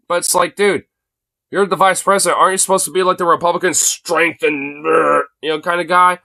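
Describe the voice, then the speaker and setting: A man's voice: high-pitched, steady tone, a little fast, vocal fry, sharp tone, no room sound. A man live-streaming his reaction to a broadcast, talking in a crude, rambling, mocking way with lots of slang filler. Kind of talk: casual profane live commentary. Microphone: streaming mic.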